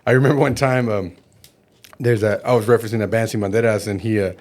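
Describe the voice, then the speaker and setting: A middle-aged man talks fast and loose, spinning stories in a relaxed interview. He slips into the voices of the people he quotes. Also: on the low side. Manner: animated storyteller, acts out quoted voices. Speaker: bass player and band manager. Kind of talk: casual interview chat.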